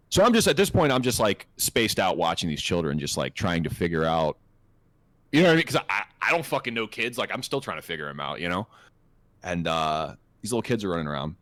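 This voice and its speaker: A man's voice: deep voice, fairly bright tone, no room sound. A man in his twenties co-hosting a podcast, telling a casual story in a rambling, profane way with lots of fillers and restarts. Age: 20s. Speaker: podcast co-host.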